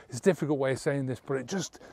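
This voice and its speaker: Speaking fairly quickly with vocal fry, a medium pitch, and a slightly mellow tone, this sobriety coach records with no room sound. He talks to camera about quitting alcohol in an earnest, blunt way, casually cursing and asking "right?" as he goes.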